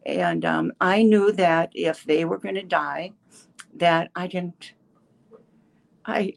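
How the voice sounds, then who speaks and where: A woman in her seventies giving a halting personal testimony with many restarts, a little emotional. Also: fairly low pitch, fairly even intonation, creaky. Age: 70s. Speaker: caller sharing a testimonial.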